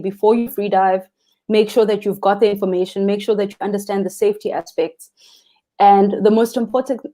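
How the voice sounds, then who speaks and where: A young South African woman, a freediving instructor, talking earnestly and expressively as a guest in a live interview. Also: mid-range voice. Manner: earnest, expressive, speaks of the ocean lovingly.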